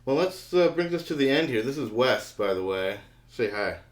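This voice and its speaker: A man's voice: mid-range voice, lively intonation, moderate pace. A man hosting a storytelling show over a video call, joking and loose. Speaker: host. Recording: echoey room.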